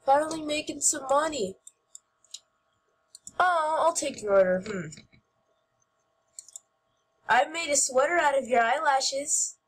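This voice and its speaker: A woman giving playful gameplay commentary as host, goofy and shouting mock-angrily at other players. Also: sits high, lively intonation, slow, pauses often.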